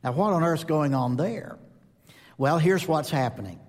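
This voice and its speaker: A man preaching a sermon to a live congregation, telling lively stories and acting out the voices of the people in them. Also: a little high, unhurried. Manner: animated storytelling, acts out voices in anecdotes. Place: church or conference hall. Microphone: speaking to a live audience. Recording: long reverb of a large hall.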